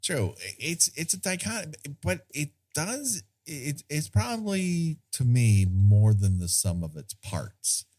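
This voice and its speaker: A man's voice: a little high, very animated, takes it slowly, hardly any pauses, mellow. A man co-hosting a podcast, chatting casually about a film, rambling and searching for words. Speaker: podcast co-host.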